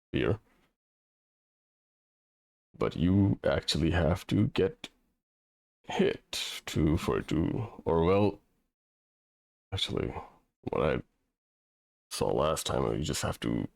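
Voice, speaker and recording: A man narrating as game master over an online voice call, with a halting, filler-heavy way of talking. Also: very deep voice, creaky, darkish tone, no room sound. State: audio cutting out.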